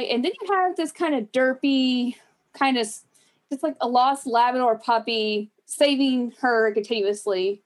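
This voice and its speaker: A woman's voice: high-pitched, a little slow. A woman co-hosting a casual podcast, gushing enthusiastically about favorite book characters and acting out bits of dialogue. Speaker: podcast co-host. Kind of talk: casual chat about books.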